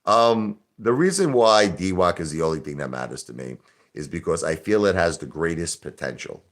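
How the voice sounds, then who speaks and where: Brash, very low-voiced male streamer. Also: sing-song, moderate pace. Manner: brash, combative, repetitive. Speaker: live-stream host. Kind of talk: casual live-stream rant.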